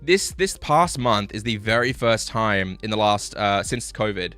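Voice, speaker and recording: A man's voice: measured pace, faint music behind. Profane, frustrated male streamer. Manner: swings between loud outbursts and low muttering. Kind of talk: live-stream rant.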